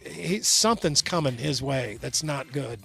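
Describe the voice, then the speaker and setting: A man's voice: medium pitch, animated, measured pace, vocal fry, pushed and bright, soft background music. A male radio co-host making joking running commentary on pictures in casual chat.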